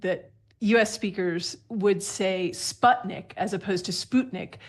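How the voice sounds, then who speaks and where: A woman's voice: medium pitch, fairly even intonation, measured pace. A woman guest on a radio call-in show, explaining language in a friendly, lightly laughing way.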